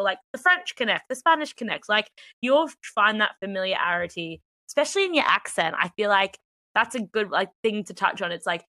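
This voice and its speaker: A woman's voice: mid-range voice, sharp tone, no echo. A woman with an Australian accent co-hosting a podcast in casual chat, talking with lots of "like" fillers and frequent laughs. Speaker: podcast co-host. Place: Australian expat living in London, recording indoors.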